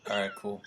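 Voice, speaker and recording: A man's voice: extremely high pitch, fairly bright tone, slight background noise. A young man hosting a casual podcast, reading out his own jokes and laughing along with them. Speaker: podcast host.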